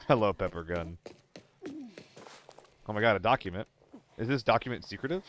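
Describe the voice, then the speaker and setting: A young man streams a shooter game solo, chatting casually with his viewers and swearing as he plays, bantering with chat and hopping between topics. His voice sits fairly low and sounds animated and fairly bright, with an unhurried delivery, long pauses, and a little hiss or hum underneath.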